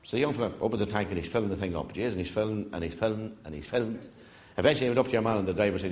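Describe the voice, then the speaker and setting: A man's voice: fairly low pitch, very fast, noisy background. An Irish man telling jokes in a rambling stand-up style, wandering off into side stories and chuckling through them. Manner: digressive, chuckling through his own stories.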